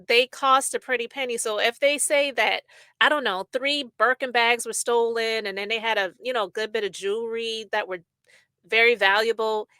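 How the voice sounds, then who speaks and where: A woman hosts a casual podcast, reading headlines and riffing with blunt opinions. Her voice is bright and forceful, sitting a bit high, recorded dry and close with no room sound. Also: no echo. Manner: chatty, opinionated, reads news aloud and riffs. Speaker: podcast host.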